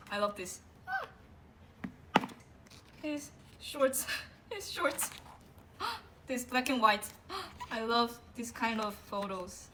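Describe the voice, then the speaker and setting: A woman unboxing a music album and gushing over it in a casual way, with frequent gasps and a drawn-out delivery full of fillers. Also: fairly high pitch, noisy background. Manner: excitable, gasps often, gushing. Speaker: vlogger.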